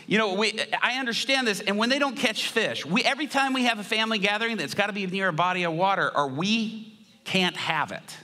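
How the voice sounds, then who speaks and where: A man preaching with a bright, high voice that swings widely up and down. He tells stories in an animated, joking way during a church service. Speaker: guest preacher. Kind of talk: sermon.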